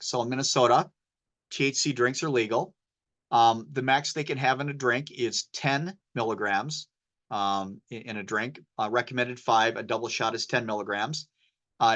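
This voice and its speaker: A man at a mid-range pitch delivering a medical talk in a loose, conversational way. He drifts into stories and slang rather than reading slides, keeping a poison-control specialist's practical tone. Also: a bit bright. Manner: casual, anecdotal, sprinkles in slang. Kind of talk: informal medical lecture.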